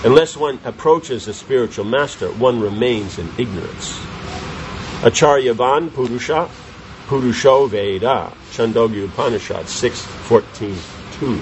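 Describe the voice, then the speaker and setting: A man's voice: mid-range voice, normal speed, slight background noise, low-quality recording. A man giving a scripture class, reading commentary aloud and explaining it with questions to his listeners. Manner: reads commentary then explains with rhetorical questions to the audience. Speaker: spiritual teacher.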